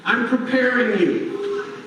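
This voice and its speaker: A man's voice: very high-pitched, takes it slowly, highs cut off, background noise, voice pushed up. A man voicing God as a patient, fatherly male figure who coaxes and reassures, in a sermon recorded in a church. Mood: reassuring. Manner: coaxing, calls him "man" and "buddy". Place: church sanctuary. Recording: echoey hall, heard from far off.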